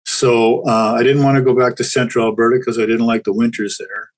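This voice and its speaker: A man's voice: medium pitch, little pitch movement, a little fast, poor audio. An older man, a chiropractor guest, talking candidly and reflectively in a casual interview, often restarting his sentences. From Canada.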